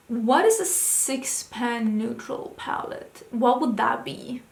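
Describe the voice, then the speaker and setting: A young adult woman vlogger chatting casually and thinking aloud, excitable and full of questions. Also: fairly high pitch. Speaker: beauty vlogger. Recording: roomy echo.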